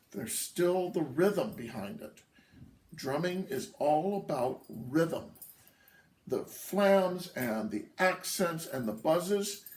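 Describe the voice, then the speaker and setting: Male drum instructor, patient and methodical, counts aloud; gravelly tone, recorded distant in an echoey room. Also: fairly high pitch, slight background noise. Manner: patient, counts rhythms aloud, checks in with "okay?". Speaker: drum teacher. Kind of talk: instructional lesson.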